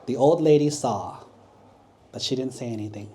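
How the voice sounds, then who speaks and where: A monk gently telling a story to children at a temple, often checking in with them. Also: male voice, mid-range voice, normal speed. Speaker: Buddhist monk. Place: temple hall.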